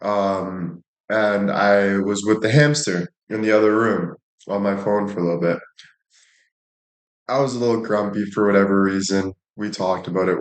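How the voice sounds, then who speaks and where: A young man livestreaming, telling rambling stories in a casual chat with lots of swearing. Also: on the low side. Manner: crude, rambling storytelling with frequent swearing. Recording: echoey room.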